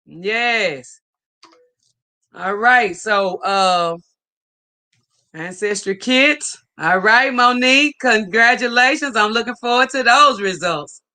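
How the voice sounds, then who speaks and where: A man's voice: sits high, slow pace, pauses often, pushed and bright. A middle-aged man, hosting a casual livestream and giving emphatic, preachy advice to viewers. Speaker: livestream host reading viewer comments.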